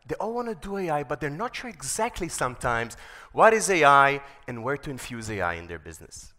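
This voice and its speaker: A man delivering a conference keynote from the stage, his first language Hebrew. He tells an enthusiastic story with a fairly high, lively voice that rises and falls a great deal. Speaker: keynote speaker.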